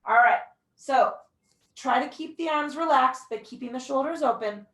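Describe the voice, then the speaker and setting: Speaking at a normal pace in a high voice, a young woman guides a mat pilates class through breath counts and encouraging cues, with an occasional whoop. The room is echoey and she sounds distant.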